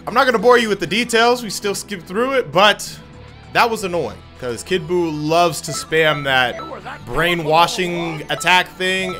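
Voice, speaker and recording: A man's voice: sits high, sharp tone. A young man giving joking, slangy commentary on his gameplay. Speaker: gaming YouTuber. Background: game music.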